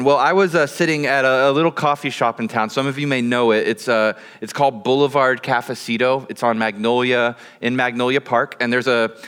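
A man preaching, a pastor who prays and then tells a story in a reserved, low-key, dryly humorous way. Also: a bit bright, smooth, long reverb tail. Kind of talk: sermon with prayer and storytelling.

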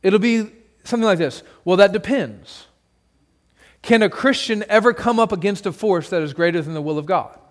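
Pastor guy preaching, kinda high voice, gets loud and punchy then goes quiet, calls out people in the pews by name. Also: moderate pace. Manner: emphatic, builds to loud declarations then drops low; addresses congregation members by name. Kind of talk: sermon.

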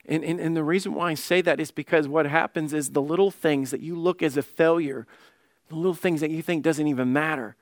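A middle-aged man delivers a sermon from the pulpit in a slightly high voice. He is earnest and restarts often, repeating words as he goes. The sound is dry and close. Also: dry recording. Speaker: pastor.

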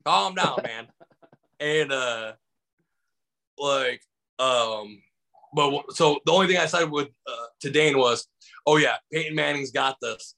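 Man from michigan, comedian, gravelly voice, bright edge, rambling anecdotes, video call. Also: mid-range voice, a little slow, pauses often, low-quality recording. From Michigan, USA. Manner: rambling, many fillers, acts out quotes. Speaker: comedian guest. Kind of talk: casual storytelling interview.

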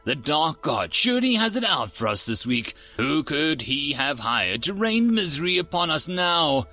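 A man plays a short-tempered alien lord in a storybook reading, his voice pitched high above the narrator's and bright. He snaps out orders and grumbles at bad news. The delivery swings sharply up and down. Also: sing-song, moderate pace, soft background music, exaggerated voice. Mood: bitter. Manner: snapping, demanding. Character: lordly alien ruler, irritable, swells when threatened.

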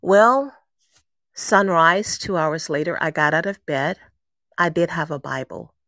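A woman's voice: low voice, lively intonation, a little slow, a bit bright, no room sound, clean studio sound. A woman around sixty giving an emotional personal faith testimony, telling her story earnestly and repeating words for emphasis. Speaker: guest sharing a faith testimony.

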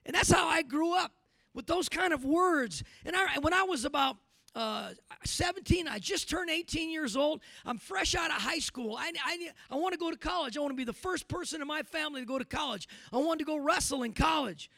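A middle-aged male pastor delivering a sermon in a very high, gravelly voice. He moves from hushed storytelling to loud, punchy preaching, dropping amens as he goes. The sound is dry and close. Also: fairly quick, dry recording. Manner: preachy, builds from quiet to shouting with repeated amens.

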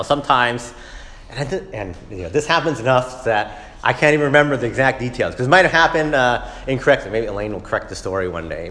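A man's voice: mid-range voice, fairly bright tone. A man in his thirties teaching a Sunday school lesson in a casual, conversational way, often ending points with "right?". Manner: casual, tags statements with "right?", acts out family arguments. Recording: echoey room with long reverb.

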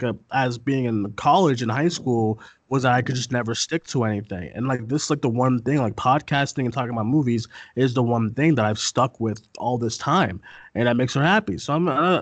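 A man's voice: mid-range voice, no echo. A young adult man hosting a casual podcast interview, rambling with many fillers and restarts. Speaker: podcast host.

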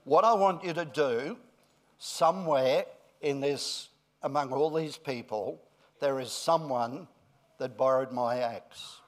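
Slow-speaking male pastor. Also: medium pitch. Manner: friendly, coaxing with the children, then deliberate. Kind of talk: sermon with a children's talk.

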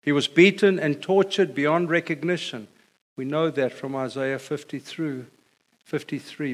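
A middle-aged man preaching a sermon, telling stories with animated delivery and building to a repeated refrain. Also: on the high side, moderate pace. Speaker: pastor.

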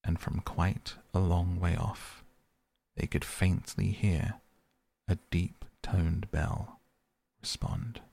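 A man narrating a storybook in a measured, expressive way. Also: low-pitched, vocal fry. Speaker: audiobook narrator.

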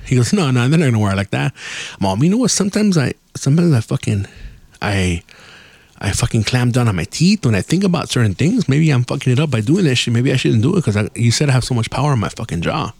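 A man's voice: mid-range voice, expressive, fast talker, gravelly, a little mellow, no room sound. A man hosting a podcast, telling a rambling, profane story in casual chat and laughing often. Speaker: podcast host.

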